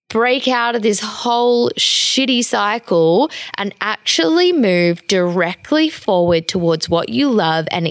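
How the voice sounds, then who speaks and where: A woman's voice: mid-range voice, no echo. Chatty woman coach, dry close sound. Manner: casual, chatty, emphatic, often restarting sentences. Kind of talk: motivational monologue.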